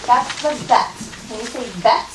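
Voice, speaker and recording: Her voice is on the high side and her pace a little slow as she teaches first grade. Gently coaxing, she demonstrates reading word by word; the recording is roomy and distant, with classroom noise around it.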